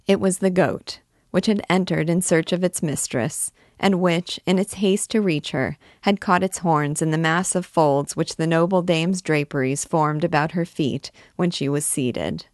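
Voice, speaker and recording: A woman reading a classic novel aloud in a measured, expressive storytelling manner. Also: low voice, dry recording, clean studio sound. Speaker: reader.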